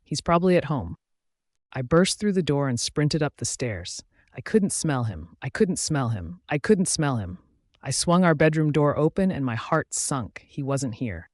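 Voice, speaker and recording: A man narrating a first-person romance audiobook in a steady, even reading on a close microphone. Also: fairly high pitch, a little slow, dry recording.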